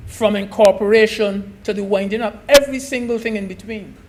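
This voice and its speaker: A man's voice: sits high, fairly even intonation, brisk. A man giving an emphatic speech in a senate debate, repeating key phrases and addressing the chair as sir.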